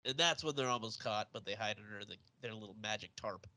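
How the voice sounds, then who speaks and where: A man's voice: lowish voice, fast, sharp tone. A man hosting a podcast, recapping a film in sarcastic, jokey casual chat. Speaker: podcast host.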